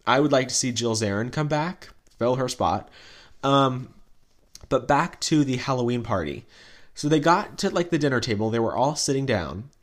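A man's voice: mid-range voice, normal speed. A man co-hosting a podcast, recapping reality TV in casual chat and acting out what people said, with lots of "like" fillers. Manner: animated storytelling, acts out quotes, many "like" fillers. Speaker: podcast co-host.

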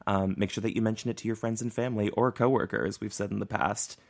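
A young man with a fairly low voice co-hosts a podcast in easy casual chat. He laughs often and livens his talk with animated asides. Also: fast talker, vocal fry. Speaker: podcast co-host.

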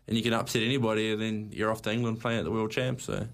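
A man with a New Zealand accent, a darts player speaking as a studio guest in a relaxed, casual radio interview. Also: lowish voice, rapid-fire. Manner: relaxed, laid-back, says mate.

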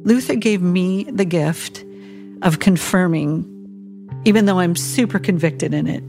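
Earnest woman with a gravelly voice. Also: on the low side, a little slow, warm tone, faint music behind. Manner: earnest, tender storytelling. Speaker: podcast guest, chaplain. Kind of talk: emotional storytelling.

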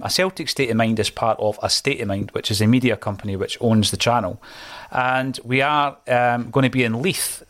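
A man with a mid-pitched voice hosts a podcast in easy, casual conversation. He steers the talk and puts questions to his co-host. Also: a bit bright.

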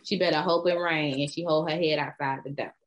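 A brash, profane woman co-hosts a casual chat. Her voice sits on the low side. The recording sounds dull and lo-fi. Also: fairly even intonation, a little fast. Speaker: podcast co-host.

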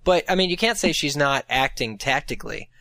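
A man's voice: mid-range voice, lively intonation, brisk, gravelly, bright, forceful tone, no room sound. Rambling man in casual chat. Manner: rambling, thinks aloud, frequent restarts. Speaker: podcast co-host.

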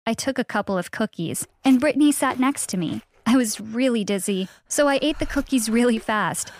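High-voiced young woman narrating a story. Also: lively intonation, moderate pace. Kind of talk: scripted first-person story narration.

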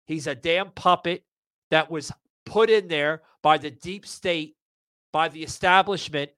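A man with a fairly high, sharp, clean voice speaks unhurriedly on a dry recording. Hosting a political talk podcast in a live audio room broadcast, he rants heatedly and gets fired up, swearing a lot and stumbling through repeated stammering restarts.

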